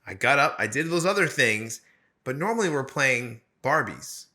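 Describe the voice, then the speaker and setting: A man co-hosting a casual podcast chat, talking in an animated, rambling way with frequent restarts. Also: mid-range voice, moderate pace. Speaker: podcast co-host.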